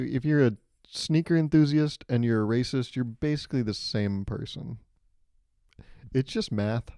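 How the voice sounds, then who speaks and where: A man's voice: medium pitch, vocal fry, mellow, no room sound, clean studio sound. A young man hosting his own podcast, talking alone into a microphone in a rambling, self-mocking comedic way and laughing at his own jokes. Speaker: podcast host. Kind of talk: solo comedic podcast monologue. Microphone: studio microphone, hears himself in headphones.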